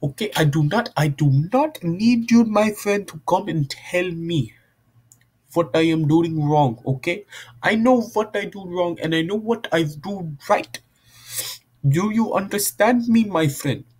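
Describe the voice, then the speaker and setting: A man's voice: high voice, animated, measured pace, slightly rough, voice pushed up, heavily acted. A man voicing an exasperated, defensive man in a put-on Indian accent, who keeps repeating a friendly form of address.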